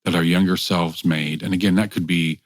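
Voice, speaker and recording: Deep-voiced joking man, dry sound. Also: steady tone, brisk, no room sound. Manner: joking, rambling, self-interrupting. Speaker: podcast co-host. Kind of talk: casual podcast chat.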